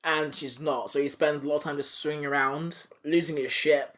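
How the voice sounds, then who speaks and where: A man's voice: a little high, fairly even intonation, normal speed, a bit bright. A man hosting a podcast, casually recapping a cartoon episode with silly voices and swearing. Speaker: podcast host.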